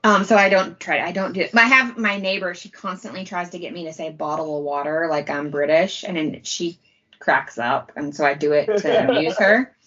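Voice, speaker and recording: A chatty woman co-hosts a movie podcast, talking animatedly and casually. Her voice is bright. The recording sounds a little dull and lo-fi. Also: lowish voice, moderate pace. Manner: chatty, animated, laughs often. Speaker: podcast co-host. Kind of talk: casual film commentary chat.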